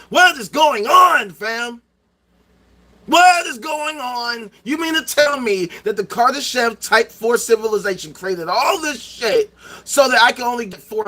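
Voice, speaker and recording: A middle-aged man talking to his viewers in a loud, profane, repetitive rant with plenty of rhetorical questions. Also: sits high. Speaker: streamer. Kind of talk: ranting livestream monologue.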